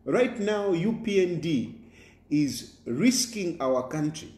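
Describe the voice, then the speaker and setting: A Zambian politician delivers a forceful, preaching monologue, repeating his points and stumbling through fillers. His fairly high voice swings up and down a lot, and the room around him rings with echo. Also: animated, slow. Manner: emphatic, repetitive, preaching tone with many fillers.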